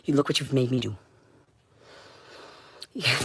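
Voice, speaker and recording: A woman streaming a rambling monologue, intense and profane, swinging between shouting and muttering. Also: rumbling low, a little slow, pauses often, slightly rough, no echo. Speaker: livestreamer.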